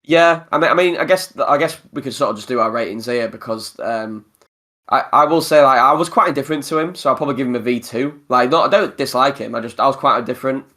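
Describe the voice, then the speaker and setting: A man hosting a casual gaming podcast, rambling and animated, often laughing. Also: medium pitch, quick pace. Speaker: podcast host.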